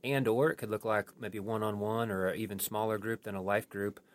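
Halting, thoughtful pastor, a man. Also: fairly low pitch, steady tone. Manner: thoughtful, halting with many restarts. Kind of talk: post-sermon podcast discussion.

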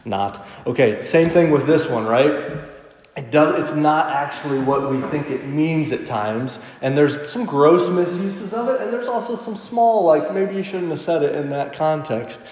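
A man in his late twenties preaching a sermon in a church hall, reading scripture slowly and emphatically, then joking casually with the congregation. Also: on the high side, lively intonation, a little mellow. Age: late 20s. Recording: echoey hall with long reverb.

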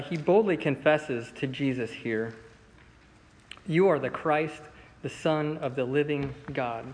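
A man leads a Bible lesson in an easy, chatty manner, stumbling into restarts and filler words. His voice sits at an ordinary pitch. It carries a long reverb from a large room, with faint ambient noise behind it. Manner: relaxed, conversational, with many fillers and restarts. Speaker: Bible study teacher.

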